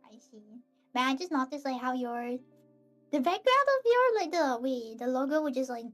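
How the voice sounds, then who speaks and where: A guest on a casual streamed chat, talking in a hesitant, halting way. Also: sits high, big pitch swings, fairly bright tone, faint music behind. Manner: hesitant, halting, quick laughs. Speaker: podcast guest.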